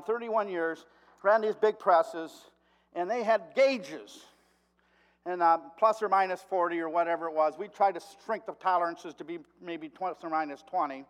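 A man's voice: high voice, fairly bright tone, big-room sound. A man in his sixties preaching a folksy sermon, repeating his key phrases. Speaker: lay preacher.

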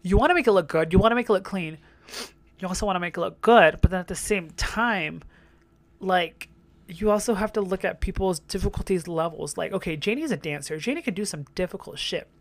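A woman's voice: on the low side, brisk, no room sound. Chatty, swearing young woman reacting to a show. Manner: chatty, swearing, laughing asides. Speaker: reaction vlogger. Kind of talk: casual reaction commentary.

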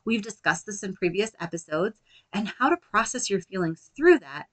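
A woman in her thirties hosting a solo podcast as a life coach, speaking gently and reassuringly. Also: medium pitch, lively intonation, moderate pace. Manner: gentle, reassuring, softly spoken at times.

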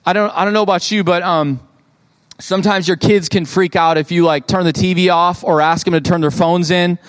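A male pastor in his thirties preaching a sermon in a church, conversational and animated, acting out quoted voices. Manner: animated, conversational, acts out quotes with rising pitch.

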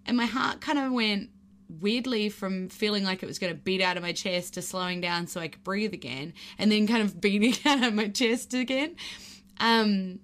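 A woman's voice: medium pitch, normal speed, a bit bright. A woman casually recounting a personal story, chatty and full of "like" and "um". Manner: chatty, peppered with "like" and "um".

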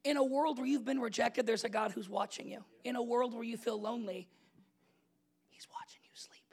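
A young adult man preaching a casual, story-driven sermon as pastor, animated and conversational, laughing often and checking in with the congregation. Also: very high-pitched, fairly quick, creaky, breathy edge. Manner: animated, conversational, laughs often, asks "you know what I'm saying?".

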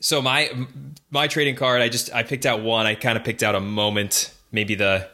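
A man co-hosting a casual podcast, his lowish voice bright and forceful. He chats easily and reads out facts with plenty of ums and restarts. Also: little pitch movement, normal speed. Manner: chatty, reads facts aloud with fillers. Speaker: podcast co-host.

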